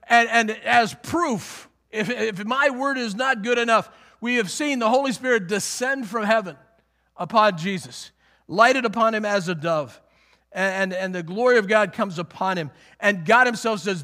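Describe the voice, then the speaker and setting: A male preacher with a high, bright, ringing voice works through scripture in a loose, conversational way. He is animated and emphatic and slips into quoted voices as he explains. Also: moderate pace. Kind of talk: conversational Bible teaching sermon.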